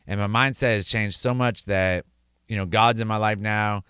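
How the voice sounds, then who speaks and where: A man's voice: fairly low pitch, steady tone, moderate pace, fairly bright tone, clean tone, dry recording, clean studio sound. A man sharing his personal testimony, earnest and repeating words for emphasis. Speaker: speaker sharing his sobriety story.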